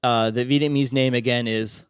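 A man hosting a podcast interview, friendly and unhurried as he wraps up. His pitch sits mid-range for a man, and the sound is dry and close-miked. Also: steady tone, clean tone, dry recording. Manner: friendly, spells out names slowly. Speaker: podcast host. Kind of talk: interview wrap-up.

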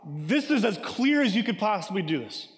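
A man with a high-pitched voice gives a sermon in a casual, conversational way. He reads scripture aloud and then explains it, often asking "right?" His voice rings with a long hall echo. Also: big pitch swings, moderate pace. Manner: conversational, frequent "right?" asides. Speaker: preacher.

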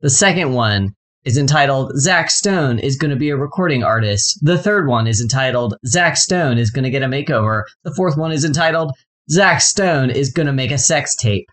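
A man with a mid-range voice recapping a TV show for a podcast. He talks in a relaxed, unhurried way, full of "um" and "like.". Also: mid-range voice. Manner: relaxed, summarizing, filler-heavy. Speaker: podcast co-host. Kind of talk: casual chat and show recap.

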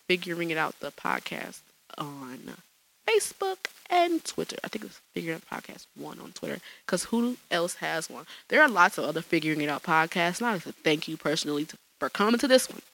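A woman with a fairly low, gravelly, fairly bright voice hosts her own podcast solo from a small studio, chatting casually in slang and laughing often. The recording is rough, with slight background noise.

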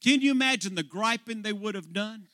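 Preacher guy w a really high sharp voice, goes uh uh uh and builds up to shouting. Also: brisk, no room sound, studio quality. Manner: rhythmic preaching, 'uh' before each phrase, builds to shouts. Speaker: pastor. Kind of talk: sermon.

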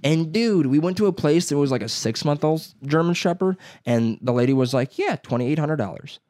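A man's voice: on the high side, expressive, a little fast, warm tone, dry recording, studio quality. A young man telling a long story in casual chat, full of "dude" and "like" and acting out what others said. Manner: rambling storyteller, heavy on "dude" and "like"; acts out other people's lines in quotes.

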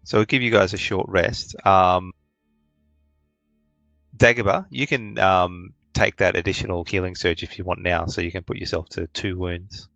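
A man runs a tabletop game in a lowish, gravelly voice. His narration is halting and full of ums and uhs. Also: steady tone, fairly bright tone, dry recording, faint music behind, low-quality recording. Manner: hesitant, lots of ums and uhs. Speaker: game master.

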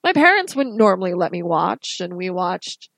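A woman co-hosting a casual podcast, telling stories in a chatty, animated way. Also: fairly low pitch, moderate pace, gravelly, no echo. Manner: chatty, animated storytelling with restarts. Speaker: podcast co-host.

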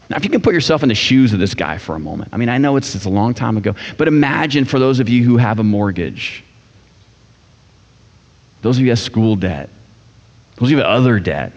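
A man preaching a sermon in a casual, animated storytelling manner. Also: mid-range voice, fairly quick, long pauses. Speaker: pastor. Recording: echoey hall, dull sound.

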